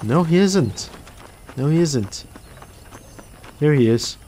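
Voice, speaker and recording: A man's voice: fairly high pitch, expressive, slow pace, mellow, slight background noise. A man giving crude, chatty commentary while playing a game. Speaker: gameplay commentator. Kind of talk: casual let's-play commentary.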